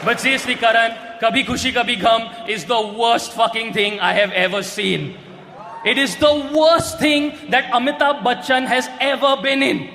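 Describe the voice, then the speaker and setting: A man doing a stand-up roast set, brash and often shouting his punchlines on a stage mic. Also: very high voice, a little slow, gravelly. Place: large hall with a live audience. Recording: echoey hall, loud crowd and noise.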